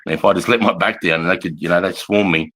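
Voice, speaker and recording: Swearing Australian army veteran, low voice. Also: male voice, quick pace, fairly bright tone, low-quality recording. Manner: swears constantly, rambling, calls listener mate and bro. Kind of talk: casual storytelling.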